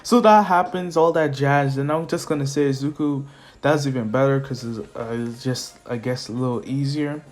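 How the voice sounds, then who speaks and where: A man's voice: medium pitch, moderate pace. A young man retelling a story in a casual, rambling way, full of fillers and offhand asides. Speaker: YouTuber. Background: faint music.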